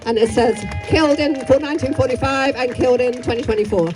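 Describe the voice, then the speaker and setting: Aussie woman at a protest, high voice, rambly and fired up, bit of crowd noise around. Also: fast, music in the background. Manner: rambling, heated, apologetic asides. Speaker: rally speaker. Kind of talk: impassioned rally speech and chanting. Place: outdoor street rally.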